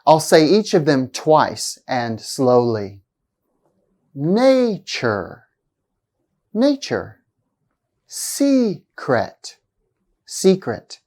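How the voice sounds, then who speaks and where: Slow, lively-toned woman teaching pronunciation. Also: extremely low pitch. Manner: slow, deliberate, repeats example words with exaggerated stress. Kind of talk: scripted pronunciation lesson.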